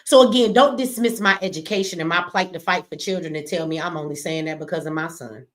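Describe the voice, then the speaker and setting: A woman's voice: lowish voice, fast, fairly bright tone. A middle-aged woman giving blunt, profane, impassioned commentary on a livestream, preaching at her audience. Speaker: streamer and commentator.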